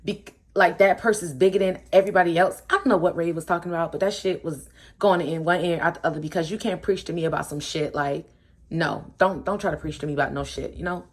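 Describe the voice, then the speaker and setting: A young woman tells a story in a loose, chatty way. She sounds exasperated, her voice jumping up whenever she acts out what people said. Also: fast. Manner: animated, exasperated, acts out quotes with swings in pitch. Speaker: storytime vlogger. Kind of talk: casual storytelling to camera.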